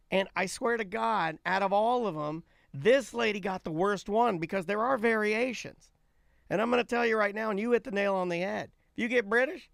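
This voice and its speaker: Man, co-host, casual chat, animated rambling storyteller, slightly high voice, dry close sound. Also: vocal fry, no echo. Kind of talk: casual live-stream chat.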